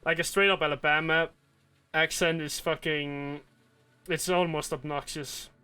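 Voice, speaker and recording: Bright-voiced rambling podcast host, man. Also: fairly high pitch, fairly even intonation, a little slow, clean tone. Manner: rambling, filler-heavy, crude and joking. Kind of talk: casual chat.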